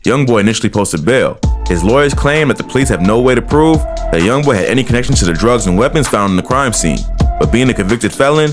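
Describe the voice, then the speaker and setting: A man reading a scripted documentary narration in a matter-of-fact way. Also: lowish voice.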